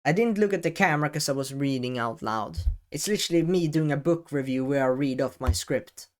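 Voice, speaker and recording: A man giving talking-head advice as an educational video creator, speaking deliberately with frequent pauses, stressed key words and casual swearing, seated at a desk mic. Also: medium pitch. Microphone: desk microphone, seated at camera.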